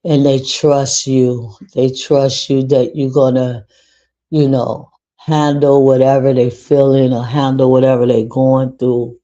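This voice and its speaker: A woman talks to her livestream viewers in an earnest, unhurried way and repeats key phrases for emphasis. Her voice is mellow and stays fairly flat. The audio is dull and lo-fi. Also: rumbling low. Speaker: livestream host. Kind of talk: casual livestream monologue.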